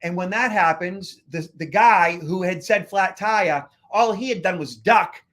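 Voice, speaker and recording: A man's voice: high voice, normal speed, a bit bright. A man hosting a podcast, telling a travel story in a chatty way and repeating words as he restarts. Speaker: podcast host. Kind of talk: casual storytelling chat. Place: lives in Boston.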